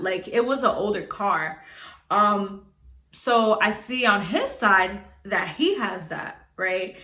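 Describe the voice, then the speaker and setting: Bright echoey New York woman. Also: mid-range voice. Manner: animated, acts out her own quotes, frequent "like". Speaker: storyteller vlogger. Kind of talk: casual storytime vlog.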